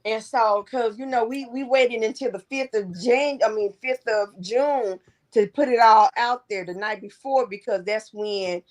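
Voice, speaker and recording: A woman's voice: on the high side, unhurried. A middle-aged woman co-hosting a podcast, telling a story in casual chat and acting out the people she quotes. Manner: storytelling, acts out quoted voices. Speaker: podcast co-host.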